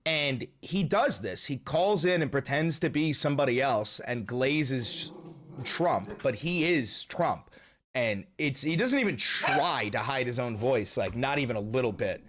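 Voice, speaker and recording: A man hosting a livestream, ranting loudly and profanely in casual reaction commentary. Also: mid-range voice, a little slow. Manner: loud, animated, profane ranting. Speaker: livestream host.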